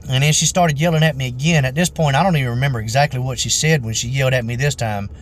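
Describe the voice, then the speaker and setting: A young man who owns a landscaping business, calmly and earnestly retelling a run-in with a customer and repeating "I said" over and over. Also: medium pitch, fast talker, slight background noise. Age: young adult. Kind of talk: casual storytelling vlog.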